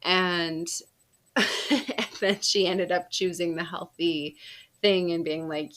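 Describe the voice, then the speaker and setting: A woman's voice: lowish voice, fairly even intonation, slow, a bit bright. A woman in her thirties, a podcast host, casually telling a personal story with frequent laughs and fillers. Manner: chatty, laughs often, lots of fillers.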